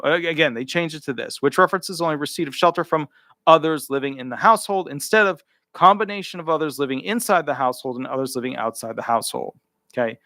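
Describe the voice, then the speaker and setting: A man's voice: fairly high pitch, a bit bright, no echo, clean studio sound. A man working as a disability attorney, giving live commentary while reading a rule aloud, with emphatic repeated words and offhand asides between the passages.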